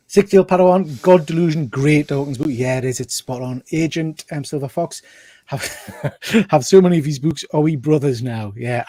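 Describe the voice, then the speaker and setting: A male host with a mellow, warm voice chats casually, reading out viewer comments and laughing along. The sound is close and dry, with no room around it. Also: a little high, no echo. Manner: chatty, reads viewer comments aloud with laughs. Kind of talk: casual interview chat.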